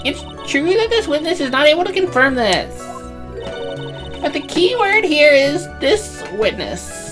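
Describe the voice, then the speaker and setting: Woman voicing a commanding young female prosecutor, high lively voice, curt orders, faint music. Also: unhurried. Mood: imperious. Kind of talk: fan dub of a game.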